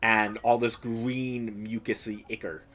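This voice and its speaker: A man narrating as game master of a tabletop role-playing game, pausing often with fillers. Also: fairly low pitch, level tone, a bit bright. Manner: hesitant, many fillers.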